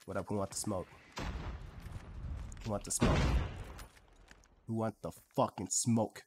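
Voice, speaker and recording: A young man streaming a mobile shooter, talking loose slangy trash talk in a hoarse, sick voice. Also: fairly low pitch, fairly even intonation, unhurried, heavy background noise. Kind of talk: casual gaming stream banter.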